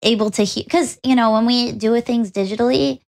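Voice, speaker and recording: A woman with a slightly high voice co-hosts a VTuber podcast in easygoing chat. She giggles often and lets her sentences trail off before finishing them. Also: steady tone, fairly quick, vocal fry, a little mellow. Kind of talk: casual chat.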